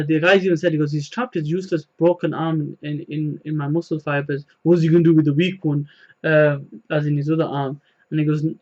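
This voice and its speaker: A man's voice: on the high side, darkish tone, highs cut off. A man casually recapping a manga chapter, rambling with many fillers and retelling the dialogue. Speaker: manga reviewer.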